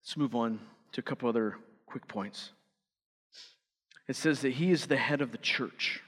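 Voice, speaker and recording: A man preaching a sermon as pastor, rising to emphatic peaks and dropping to quiet, earnest lines. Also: medium pitch, moderate pace, big-room sound.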